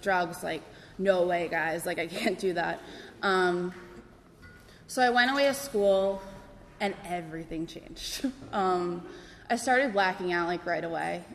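A young woman in her twenties shares her personal story with a group, in a casual, rambling way full of filler words. Her voice sits in the middle range and carries a long reverb from a large hall. A faint hum of background noise runs underneath. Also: medium pitch. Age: 20s. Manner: casual, filler-heavy, self-deprecating. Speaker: speaker sharing her story.

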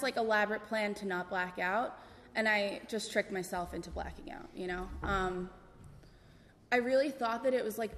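Young woman, casual talk in a reverberant hall. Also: medium pitch. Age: 20s. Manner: casual, filler-heavy, self-deprecating. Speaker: speaker sharing her story. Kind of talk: personal testimony to a group. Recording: long reverb in a hall, faint background noise.

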